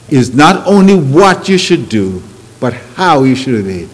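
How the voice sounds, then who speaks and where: A man's voice: a little high, animated, moderate pace. A man preaching a sermon, with grammar, rhetorical questions and emphatic rising phrases. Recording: long hall reverb.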